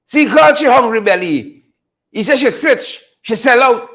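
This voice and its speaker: A man's voice: extremely high pitch, animated, a little slow, a bit bright. A man hosting a casual political commentary show, teasing, laughing often and repeating his phrases. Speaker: host.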